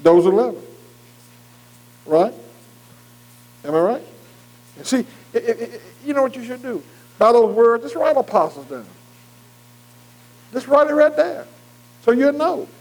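A preacher with a notably high voice delivers a call-and-response sermon. He keeps stopping to ask his listeners if they agree. He slows right down when he reads scripture aloud. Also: sing-song, darkish tone, low-quality recording. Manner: repeatedly asks "am I right?"; reads scripture slowly and deliberately.

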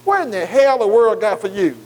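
A man's voice: high-pitched, sing-song, a little fast. A man preaching who voices a scoffing worldly man mocking a believer in a taunting, incredulous way.

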